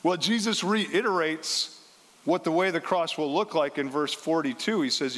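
A pastor preaching a conversational sermon, walking through a scripture passage and briefly acting out the voices in it. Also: male voice, on the high side, normal speed, a bit bright. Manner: conversational, acts out the quoted lines. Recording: long hall reverb.

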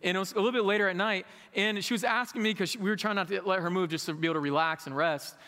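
High, bright-voiced male pastor preaching. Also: fairly even intonation, racing. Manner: candid, conversational preaching with emphatic rises. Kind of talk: sermon. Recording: echoey hall with long reverb.

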